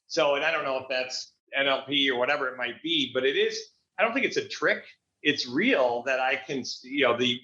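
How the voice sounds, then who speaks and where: A man's voice: mid-range voice, sharp tone. A man, a guest business coach, talking in an upbeat, motivational way in a casual interview. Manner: upbeat, motivational, restarts phrases. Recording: echoey, dull lo-fi sound.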